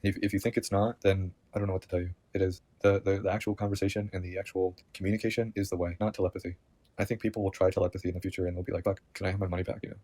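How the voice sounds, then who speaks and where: A man's voice: low-pitched, little pitch movement, racing, warm tone, no echo. A man talking to camera in a rambling, agitated personal monologue, swearing constantly and repeating himself. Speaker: vlogger.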